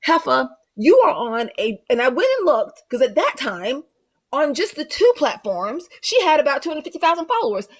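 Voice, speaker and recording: A woman's voice: high voice, big pitch swings, moderate pace. A woman hosting a livestream reaction, ranting bluntly and profanely in casual commentary with mocking asides. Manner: does mocking voices of others.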